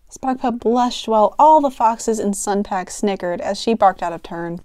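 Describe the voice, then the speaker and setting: A woman's voice: medium pitch, normal speed, hardly any pauses, mellow, no echo. A young woman reading her old story aloud with giggly, self-mocking commentary, close to the mic. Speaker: youtuber.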